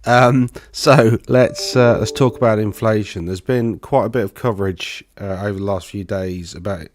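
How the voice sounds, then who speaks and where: A man's voice: deep voice, darkish tone, dry recording. A man, a financial planner, explaining economic charts in a casual, thinking-aloud way on his own microphone. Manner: conversational, loose and thinking aloud.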